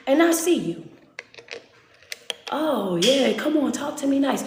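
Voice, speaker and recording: A woman delivering a livestreamed sermon in a high voice. She speaks straight to her viewers, repeats her points and keeps asking if they understand. The sound carries a roomy echo. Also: sing-song, measured pace, long pauses, a little hiss or hum. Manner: talks straight to viewers and calls out names. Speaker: motivational speaker and preacher.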